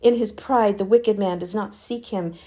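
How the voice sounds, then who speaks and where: A woman's voice: mid-range voice, normal speed, mellow. A woman hosting a podcast, retelling Bible chapters in a casual, chatty way with fillers and growing earnest emphasis. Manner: earnest, rising emphasis when urging prayer. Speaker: podcast host reading the Bible. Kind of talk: casual Bible reading and commentary.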